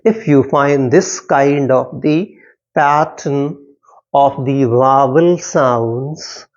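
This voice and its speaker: A man teaching a poetry lesson, slowly repeating words and sounding out stressed and unstressed syllables. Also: medium pitch. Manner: slow, repetitive, stressing syllables aloud. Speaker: English literature teacher. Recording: dull lo-fi sound.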